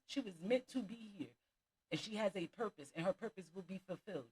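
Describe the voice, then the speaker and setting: A woman hosting her own channel talks through a story in casual, preachy commentary. She is emphatic and circles back to the same warnings. Her voice sits at a middle pitch. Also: expressive, fairly quick, slightly rough, rough recording. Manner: emphatic, preachy, repeats for stress. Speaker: vlogger host.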